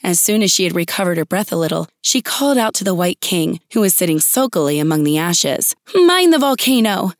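A woman reading a classic children's book aloud as a volunteer audiobook narrator, steady and plain. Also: on the low side, a little fast, few pauses, no echo, studio quality.

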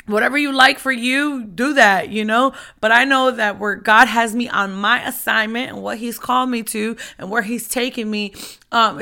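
Female preacher, gravelly edge and bright tone, fervent and chatty, builds to shouting. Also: medium pitch. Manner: fervent, conversational, rising to shouts. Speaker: ministry preacher. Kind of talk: impassioned devotional talk. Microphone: handheld microphone.

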